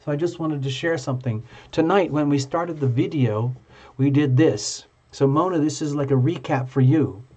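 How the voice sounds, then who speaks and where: A man hosting a live tarot stream, chatting with viewers in an excitable, gushing and playful way. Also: a little high, normal speed, breathy edge. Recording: dull lo-fi stream audio.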